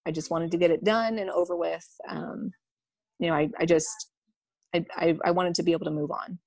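A young adult woman candidly telling a personal story, halting and full of ums and you-knows. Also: on the low side, fairly even intonation, a little mellow, no echo. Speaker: vlogger sharing a personal story.

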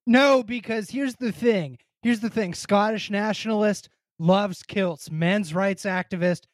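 A man's voice: sits high, a little slow, dry recording, clean studio sound. A young man co-hosting a podcast, chatting casually, loose and jokey, often laughing. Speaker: podcast co-host. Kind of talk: casual conversation.

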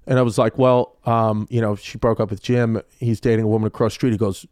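A comedian guest telling stories in casual chat, animated and profane, acting out quotes. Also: male voice, medium pitch, fast talker, hardly any pauses, dry recording, clean studio sound. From New York. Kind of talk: casual storytelling.

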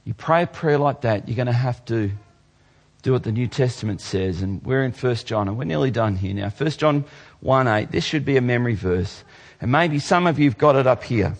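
A male pastor preaching a sermon, dropping low and slow for scripture and jumping higher for playful mock voices. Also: lively intonation.

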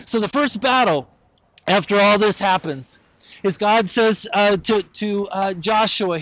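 Male pastor telling a story in a sermon, kinda high voice, casual with lots of uhs. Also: measured pace, fairly bright tone, no room sound, poor audio. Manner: storytelling, conversational, uses fillers.

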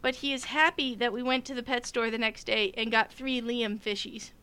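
A woman chatting casually, expressive and quick to laugh, swearing freely. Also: fairly high pitch, clear, resonant tone. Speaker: podcast co-host, parent. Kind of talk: casual chat.

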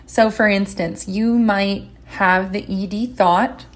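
A woman giving a gentle, encouraging instructional talk as a recovery coach. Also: mid-range voice, steady tone, takes it slowly.

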